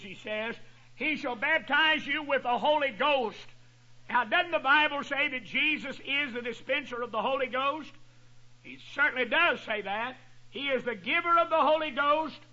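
A man's voice: very high-pitched, pushed and bright, lo-fi sound. A man preaching a fiery Bible-teaching sermon, folksy and emphatic, stretching out key words.

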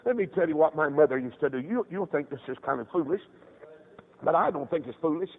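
A man, a preacher from the North Carolina mountains, giving an impassioned revival sermon and breaking into sudden high cries and weeping. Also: animated, fairly quick, slightly rough. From North Carolina mountains, USA. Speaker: preacher, radio evangelist. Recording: tinny lo-fi old radio broadcast.

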